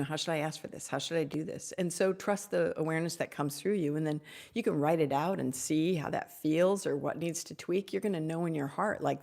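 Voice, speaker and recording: A woman hosting a live Q&A on spiritual topics, effusive and gushing, sometimes dropping into soft whispers. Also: low voice, vocal fry. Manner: warm, effusive, drops to soft whispers at times. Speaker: host answering audience questions.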